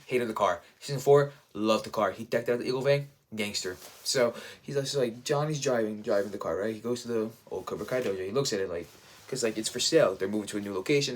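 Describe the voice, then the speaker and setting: A man giving a casual spoiler review, enthusiastic and rambling, full of fillers. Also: lowish voice. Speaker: show reviewer.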